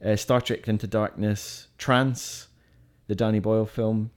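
On a casual film-chat podcast, this co-host enthusiastically reels off lists of movies he enjoyed or didn't, with plenty of fillers. His voice is on the low side, delivered flatly and a little slowly.

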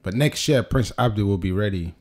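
Laughing comedian, lively pitch. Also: male voice, brisk. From South East London. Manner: laughs often, jokey and animated. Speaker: stand-up comedian. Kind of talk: casual chat.

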